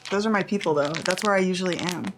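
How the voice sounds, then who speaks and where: A woman's voice: on the low side, fast talker. A woman who is a guest on a casual livestream, playful and teasing with the hosts. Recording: noisy room audio.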